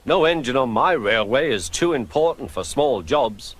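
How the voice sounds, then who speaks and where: A man voicing a brisk, kindly male railway boss in a children's storybook, firm but encouraging. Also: mid-range voice, lively intonation, voice pushed up, lightly acted. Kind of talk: storybook narration with character voices. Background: background music.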